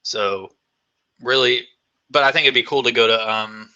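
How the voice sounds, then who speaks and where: Bright-voiced man rambling through a Q&A. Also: medium pitch, moderate pace, highs cut off. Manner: rambling and enthusiastic, many fillers. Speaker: vlogger hosting a Q&A. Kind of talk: casual live Q&A chat.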